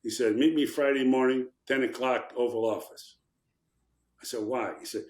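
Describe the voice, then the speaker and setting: A man's voice: medium pitch, steady tone, moderate pace, darkish tone, echoey room. An older man from Chicago, a former congressman, tells anecdotes in a podcast interview and acts out the quotes with animation. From Chicago, USA.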